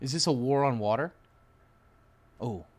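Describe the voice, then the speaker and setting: A man's voice: mid-range voice, unhurried. A man hosting a live stock trading stream, chatting to viewers in a brash, mocking way and muttering to himself now and then. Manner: brash, mocking, talks to chat; muttering to himself while writing.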